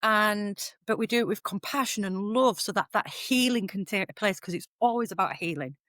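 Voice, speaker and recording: A middle-aged woman talks with guests about her work as a medium, chatty and animated as she tells her stories. Her voice sits at an ordinary pitch, recorded close and dry with no room sound. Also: moderate pace, no room sound. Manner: animated storyteller, lively and chatty. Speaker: guest, psychic medium and healer. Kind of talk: casual podcast conversation.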